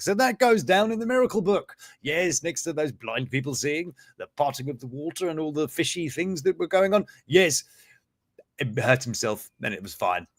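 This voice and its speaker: Animated joking male show host. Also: fairly high pitch, no echo, clean studio sound. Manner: joking, laughs often, rambling asides. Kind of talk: comedic news commentary show.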